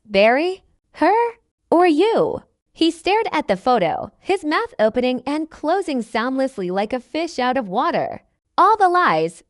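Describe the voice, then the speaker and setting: A woman's voice: high voice, dry recording, studio quality. A woman giving a dramatic, intense scripted first-person narration of a story.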